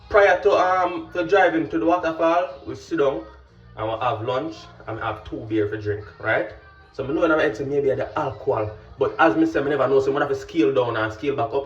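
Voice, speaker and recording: A man, a vlogger and pilot telling a story in an animated, casual way and often checking that the listener understands. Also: medium pitch. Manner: animated, keeps asking "you understand?". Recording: roomy, distant, dull with faint music.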